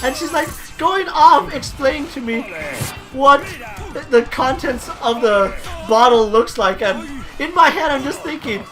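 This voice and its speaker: A man spinning animated, swear-laced stories in casual chat over a gameplay session, packing his talk with "like". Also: very high voice, moderate pace. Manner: animated storytelling full of "like" fillers, swears freely. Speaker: storyteller co-host of a gameplay video. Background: video game music.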